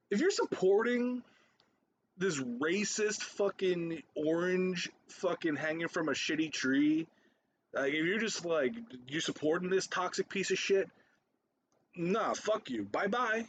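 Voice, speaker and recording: A man's voice: fairly high pitch, lively intonation, unhurried, fairly bright tone, lo-fi sound, slight background noise. A man in his thirties ranting in a profane, rambling reaction commentary, repeating himself and laughing between points. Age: 30s.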